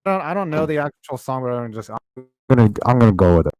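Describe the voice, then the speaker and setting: A man's voice: mid-range voice, very animated, fast talker, a little mellow. A man co-hosting a podcast in casual chat, joking and riffing with plenty of profanity. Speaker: podcast co-host.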